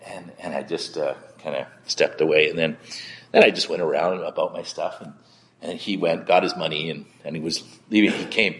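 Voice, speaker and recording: Male pastor, lowish voice, plain candid sermon delivery, stop-start and repetitive. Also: fairly even intonation, big-room sound. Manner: halting, repeats words often; conversational, candid. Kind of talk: sermon with personal story.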